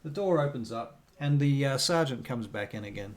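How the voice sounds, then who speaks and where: A man narrating as game master of a tabletop role-play in a quick, casual way. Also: medium pitch, lively intonation.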